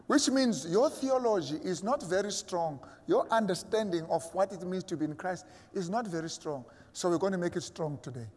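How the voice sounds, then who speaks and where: A man's voice: sits high, lively intonation, a little fast, few pauses, big-room sound. A man preaching a sermon as a pastor, emphatic and acting out imagined voices of his listeners. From South Africa.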